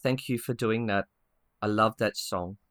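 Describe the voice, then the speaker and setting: A man co-hosting a podcast, telling a story in a lively, casual way with many restarts and acted-out quotes. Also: on the low side, measured pace, dry recording, studio quality. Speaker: podcast co-host.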